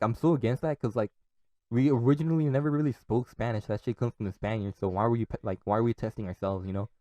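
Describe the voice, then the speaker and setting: A man's voice: on the low side, warm tone, no echo, muffled recording. A young man hosting a podcast alone, talking in a casual, rambling way, swearing a lot and laughing often. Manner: profane, laughs often, restarts and trails off. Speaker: podcast host.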